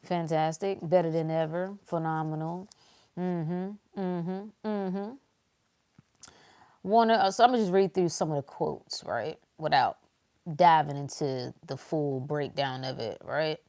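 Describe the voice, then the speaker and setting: A woman talks to her livestream audience in a casual motivational style. Her voice sits lower than most, and she preaches with emphatic repetition, circling back to each point. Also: steady tone, a little slow, darkish tone. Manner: emphatic and preachy, repeating phrases.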